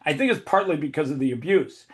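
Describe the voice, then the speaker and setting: A man with a fairly high, expressive voice talks fast while hosting a casual podcast full of rambling stories. He interrupts himself, restarts often, and laughs mid-story.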